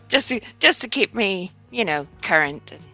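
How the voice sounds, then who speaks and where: A woman's voice: on the high side, sharp tone. A woman hosting a casual livestream, greeting viewers one by one and laughing often. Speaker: livestream host.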